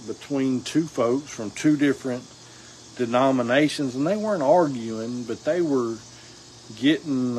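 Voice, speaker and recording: A man's voice: medium pitch, a little hiss or hum, rough recording. A man from South Alabama with a Southern accent, talking casually to his viewers in a rambling, folksy way, full of fillers and restarts. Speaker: outdoors vlogger. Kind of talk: casual talk to camera. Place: outdoors.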